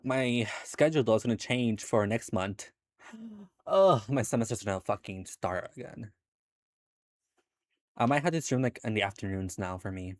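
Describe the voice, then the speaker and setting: Laid-back young man, low dry voice. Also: normal speed, no echo. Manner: laid-back, swears casually, laughs often. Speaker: streamer. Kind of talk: casual chat with live viewers.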